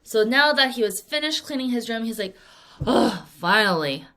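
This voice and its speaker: A woman's voice: a little high, brisk, fairly bright tone. A woman teaching English vocabulary to young students in a recorded lesson, acting out example sentences playfully and laughing often at her own acting.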